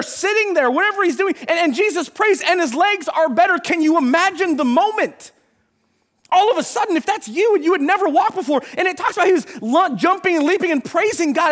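Man, very high voice, animated sermon, pastor, acts out scenes.

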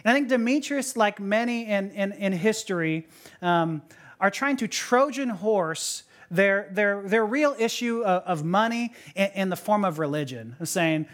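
A woman pastor preaching a sermon in an animated way. She laughs often, repeats words as she goes, and asks many rhetorical questions. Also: medium pitch, unhurried.

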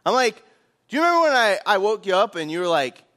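High-voiced pastor telling a story. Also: male voice, fast. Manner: animated, acts out quotes. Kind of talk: sermon storytelling.

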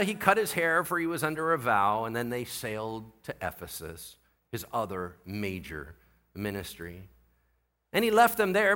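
A middle-aged man, a pastor, preaching a sermon with animated storytelling, going from quiet asides to loud exclaiming. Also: fairly high pitch. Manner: animated storytelling, voices others in quotes, swings from quiet to shouting.

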